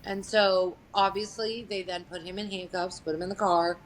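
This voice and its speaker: A woman recounts a family story in plain, candid conversation. She is blunt and unfiltered, swears without hesitation and stays matter-of-fact through hard details. Her voice sits at a middle pitch, and faint ambient noise runs behind her. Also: little pitch movement, moderate pace, rough recording. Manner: blunt, profane, matter-of-fact with frequent fillers. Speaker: guest sharing a family story.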